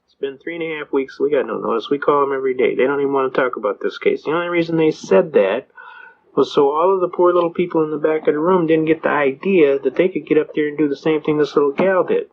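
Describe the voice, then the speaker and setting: A man giving an anecdotal lecture on legal rights in a folksy, emphatic storytelling manner, on a dull lo-fi recording. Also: a little high.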